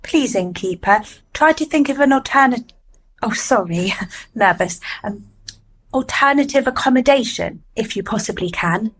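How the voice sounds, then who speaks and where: A woman's voice: on the high side, animated, normal speed, fairly bright tone, breathy edge. A woman playing a nervous young woman stiltedly reading lines at a nativity audition in a radio sitcom. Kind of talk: comedy radio sitcom acting.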